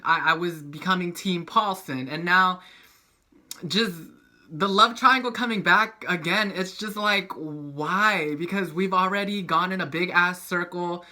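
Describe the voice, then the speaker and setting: A young man casually recapping a soap opera, animated and profane, acting out the characters' lines. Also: high voice, a little slow.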